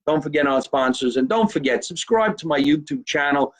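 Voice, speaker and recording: A man's voice: fairly high pitch, expressive, brisk. A man hosting a casual live show, chatty and jokey, reading out fan mail and sponsor plugs. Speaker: podcast host.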